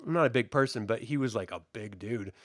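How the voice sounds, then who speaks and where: A middle-aged man in casual podcast chat, telling stories in a profane, animated way with frequent laughs. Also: mid-range voice, quick pace, no echo, clean studio sound. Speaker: co-host reviewing a baking show.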